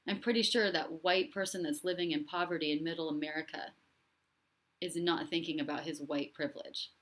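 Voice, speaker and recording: A woman's voice: low voice, fairly even intonation, a little fast, fairly bright tone. A woman hosting a live stream, speaking in an impassioned and repetitive way and reading out viewer comments. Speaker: host and relationship coach.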